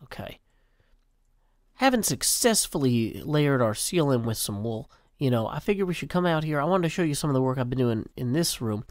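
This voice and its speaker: A man's voice: mid-range voice, animated, moderate pace, no echo, clean studio sound. A man in his forties giving casual, rambling, self-mocking gameplay commentary. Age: 40s. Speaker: game video host.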